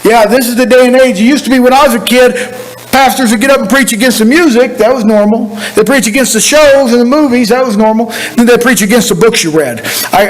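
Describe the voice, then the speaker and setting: A man's voice: sits high, slight background noise, rough recording. A man preaching a sermon as pastor, in a folksy, conversational way with repeated phrases. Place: church sanctuary.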